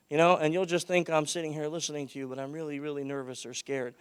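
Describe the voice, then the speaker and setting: A man speaking at a conference with a fairly high, smooth, resonant voice. He projects loudly and dips low and quiet when he tells a story. The sound is close and dry. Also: fairly even intonation, quick pace, hardly any pauses, no room sound. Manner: projects loudly, drops his voice low for anecdotes. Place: conference hall.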